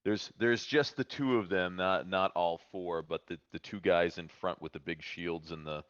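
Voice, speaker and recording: A man narrating a tabletop game as game master, halting with fillers and restarts as he describes the scene. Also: low-pitched, fairly bright tone, dry recording. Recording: dull, lo-fi stream audio.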